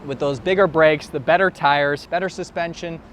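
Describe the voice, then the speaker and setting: A man's voice: fairly high pitch, steady tone, moderate pace. A young man giving a casual, chatty car review from in and around a car, with frequent fillers. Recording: loud car and road noise.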